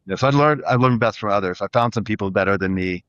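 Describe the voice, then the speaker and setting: A middle-aged man, a guest on an interview show, telling his story in an energetic, rambling way with lots of restarts. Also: lowish voice, fast talker, clear, resonant tone, dry recording. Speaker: guest entrepreneur. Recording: dry, slightly dull sound.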